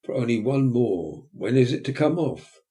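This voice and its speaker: Man doing pompous beadle, unctuous, wooing, mellow tone, mid pitch. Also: expressive, normal speed, close to an everyday voice. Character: pompous, wooing middle-aged parish beadle.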